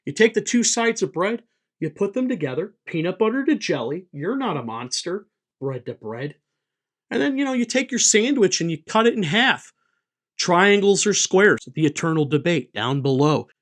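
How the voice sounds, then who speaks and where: A man hosting his own channel, talking in a playful, jokey, animated way as a game designer. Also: high-pitched, moderate pace. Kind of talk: comedic casual vlog.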